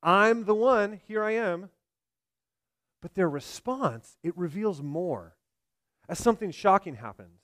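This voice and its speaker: A man delivering a sermon in a somewhat high-pitched voice. The sound is dry and close, with no room around it. He swings between forceful emphasis and quiet, hushed passages. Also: animated, slow, long pauses, no room sound. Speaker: pastor.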